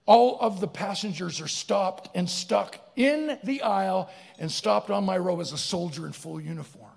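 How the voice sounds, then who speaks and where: A middle-aged man giving a comic, animated motivational speech, telling a story to a live audience. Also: high voice, moderate pace, gravelly. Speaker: keynote speaker. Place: large barn event venue, live audience. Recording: long hall reverb.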